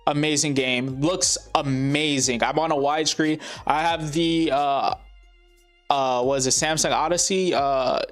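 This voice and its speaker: A man ranting angrily about a game, swearing often and pausing on fillers. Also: fairly high pitch, steady tone, faint music behind. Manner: profane, heated, frequent filler pauses. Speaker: gaming commentator. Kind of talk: angry rant to camera.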